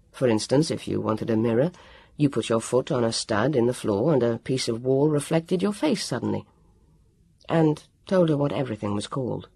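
A woman narrating a children's novel with expressive storytelling. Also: very deep voice, creaky, slightly rough, no room sound. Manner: expressive storytelling, character voices. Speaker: audiobook narrator. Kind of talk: scripted narration.

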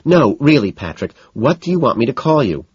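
A man doing a shrill, indignant young socialite woman from an audiobook. She sits noticeably higher than the reader's own low, husky tone, yet keeps his dry, close sound on a slightly dull recording. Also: sing-song, brisk, darkish tone, no echo. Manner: dismissive and indignant.

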